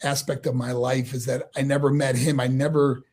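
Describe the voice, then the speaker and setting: Husky middle-aged man, laughing storyteller. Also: medium pitch, moderate pace. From New York. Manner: animated, laughs often while telling stories. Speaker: guest, former pro wrestler. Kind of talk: casual interview storytelling.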